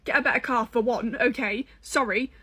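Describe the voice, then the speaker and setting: A woman's voice: fairly high pitch, steady tone, moderate pace, pushed and bright, breathy edge. A young British woman telling a storytime to her viewers in a casual, sassy way, full of swearing and dramatic asides. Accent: British English.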